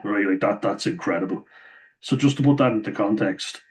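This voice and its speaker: An Irish man giving casual, opinionated rugby commentary, laughing often, his voice a little hoarse. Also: lowish voice, a little fast, slight background noise, rough recording. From Ireland. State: slightly hoarse, losing voice. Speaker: rugby pundit vlogger.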